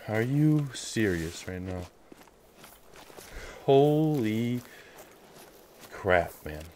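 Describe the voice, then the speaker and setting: A man commentating a hunting game as he plays, nervous and excitable, swearing and swinging between hushed muttering and loud outbursts. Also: low voice, slight background noise. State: nervous, shaking. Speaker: gamer playing a hunting game. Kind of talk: live gameplay commentary.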